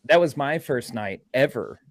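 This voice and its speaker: A man's voice: medium pitch, animated, moderate pace. A man who is a paranormal investigator, telling a detailed story in a group interview and restarting his sentences often.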